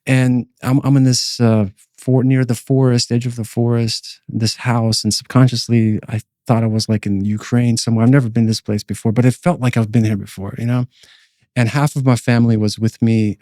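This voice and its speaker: A man's voice: lowish voice, mellow, no echo, studio quality. A man co-hosting a podcast, recounting a personal dream as a testimony in a rambling way, full of fillers and restarts. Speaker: podcast co-host.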